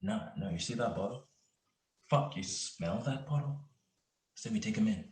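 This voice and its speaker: A man's voice: lowish voice, very animated, brisk. A man reading the part of a sarcastic, combative young police officer in a play reading over a video call. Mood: confrontational. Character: young male cop, sarcastic and proud. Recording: roomy echo on the voice.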